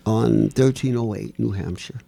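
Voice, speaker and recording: A man telling stories as an interview guest, animated and laughing, acting out the voices of people in his stories. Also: fairly low pitch, normal speed, creaky, slightly rough, dry recording. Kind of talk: storytelling in a casual interview.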